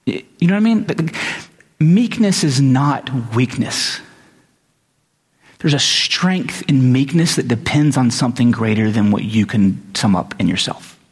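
A man delivers a sermon in a casual, storytelling way, his voice sitting at an ordinary middle pitch. He talks conversationally and gets animated, quick and high when acting out his own side of the story. His voice rings out with the long reverb of a large hall. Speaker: pastor.

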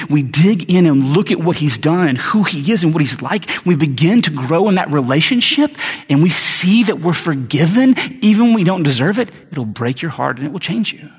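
A man's voice: a little high, breathy edge, in a large hall. A middle-aged male pastor giving an earnest, conversational sermon with frequent restarts.

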